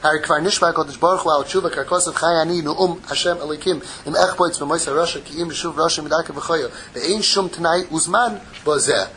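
A man giving an impassioned Torah sermon, mixing Hebrew terms into English and swinging from loud pleading to hushed, intimate tones. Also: a little high, fast, hardly any pauses, rough recording. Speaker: rabbi giving a Torah class.

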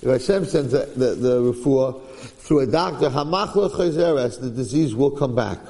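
A man's voice: mid-range voice, normal speed, warm tone, in a large hall. A man teaching a Torah class in sermon style, telling a story emphatically and weaving in Hebrew phrases with repeated lines. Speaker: rabbi giving a Torah class.

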